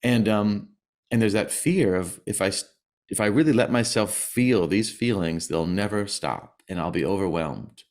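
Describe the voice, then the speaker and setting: A middle-aged man talking as a podcast guest, in a halting way with many restarts and small laughs between words. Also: fairly low pitch. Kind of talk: conversational interview.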